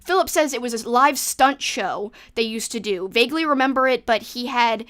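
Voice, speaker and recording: Woman, New Orleans accent, livestream host, casual rambling chat, fairly high pitch. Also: lively intonation, a bit bright. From New Orleans, Louisiana. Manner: chatty, rambling, quick asides. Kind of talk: casual livestream chat reading viewer comments.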